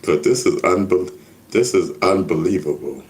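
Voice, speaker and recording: A man's voice: sits low, moderate pace. A man hosting a casual livestream, reading viewer comments aloud and riffing on them with repeated catchphrases. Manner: reads chat comments aloud, repetitive catchphrases. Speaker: livestream host.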